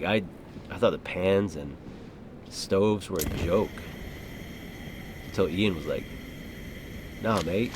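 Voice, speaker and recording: A man hosting a gaming channel, chatting casually over gameplay in a rambling, easygoing way with chuckles. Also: deep voice. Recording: clearly audible game noise behind voice.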